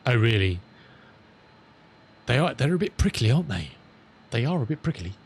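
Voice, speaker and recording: Guy, middle-aged, easygoing streamer who rambles to chat, mid-pitched voice, plain everyday tone. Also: sing-song, breathy edge. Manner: chatty, rambling, self-amused, reads radio calls slowly. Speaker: live streamer. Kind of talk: casual chat with viewers while flying.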